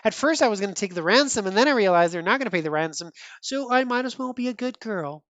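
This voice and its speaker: A woman's voice: medium pitch, lively intonation, quick pace, no echo, lightly acted. A woman voicing a sly, confident cat burglar in a teasing, breezy tone.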